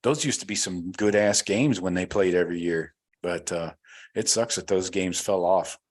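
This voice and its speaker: A man's voice: deep voice, moderate pace. A man hosting a casual livestream, reading live chat comments aloud and rambling about them with loose, swearing banter.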